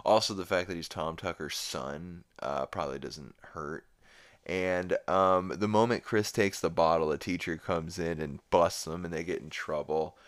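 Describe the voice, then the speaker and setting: A man's voice: low voice, steady tone, normal speed. A man hosting a podcast, casually recapping a cartoon episode in a rambling way full of fillers. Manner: rambling, filler-heavy retelling. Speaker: podcast host.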